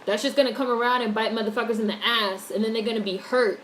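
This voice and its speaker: A woman's voice: a little high, steady tone, quick pace, slight background noise, poor audio. An American woman giving blunt, opinionated casual commentary on a livestream, swearing freely as she reads and answers chat. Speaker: YouTube commentator reading chat.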